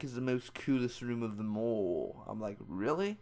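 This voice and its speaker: A young man giving a casual, loud and excitable spoiler review, full of slang, who acts out the scenes with high squeals and screams. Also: normal speed. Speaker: movie reviewer.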